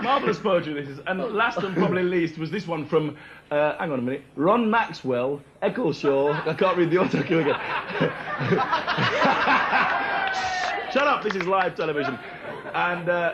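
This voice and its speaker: A man hosting a live television show and joking his way through viewers' letters. His voice runs high and swoops around. The sound is dull and lo-fi, like old broadcast audio. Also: background noise. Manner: giggly, joking reading of letters. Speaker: TV show host.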